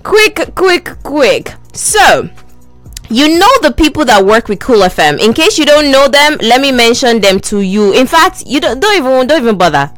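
A woman radio presenter, hosting a lively call-in giveaway in a playful, teasing way. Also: sits high, dry recording. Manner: playful, teasing, repeats herself.

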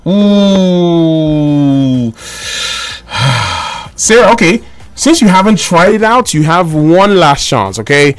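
A Nigerian man runs a radio call-in game from the studio, lively and teasing as he chats with callers. His voice sits a little high for a man. Faint music plays behind him. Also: slow pace, pauses often. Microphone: studio microphone.

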